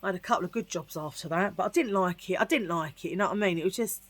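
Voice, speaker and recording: A woman's voice: fairly low pitch, racing, dry recording. A middle-aged woman from Tottenham with a London accent, telling a rambling personal story in casual vlog chat with lots of asides. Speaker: vlogger.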